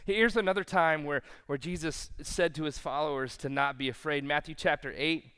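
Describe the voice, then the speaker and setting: A man's voice: on the high side, normal speed, few pauses, bright, forceful tone, clean tone, big-room sound. A male pastor preaching a sermon, telling stories animatedly and acting out the quotes himself. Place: church sanctuary.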